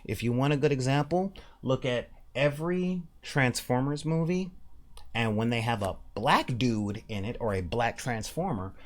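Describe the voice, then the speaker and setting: A man hosting a casual monologue about tabletop gaming, emphatic and animated, slipping briefly into mock voices to make a point. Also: mid-range voice, normal speed. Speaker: podcast host.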